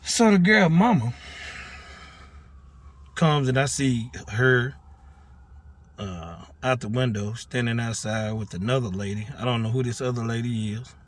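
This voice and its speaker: Animated man telling a story. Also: medium pitch, a little slow, pauses often. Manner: animated, stumbles and repeats words. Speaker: neighborhood mentor recounting a dispute. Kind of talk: casual storytelling.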